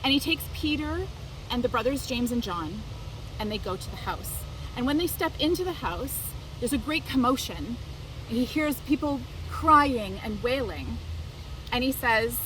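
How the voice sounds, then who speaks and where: A woman telling a scripture passage from memory in a slow, deliberate, expressive way. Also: fairly high pitch. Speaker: biblical storyteller. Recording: distant mic, traffic noise.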